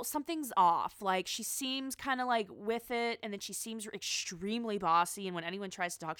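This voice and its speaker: Chatty woman with a smooth voice. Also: medium pitch, normal speed, hardly any pauses, a bit bright, dry recording, studio quality. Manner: chatty and rambling, with many restarts and asides. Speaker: pop culture commentator. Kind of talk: casual chat.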